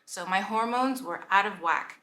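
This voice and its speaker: Bright chatty woman in an echoey room. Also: medium pitch, normal speed. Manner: chatty, many "like" fillers, laughs often. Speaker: vlogger. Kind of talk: casual talk to camera.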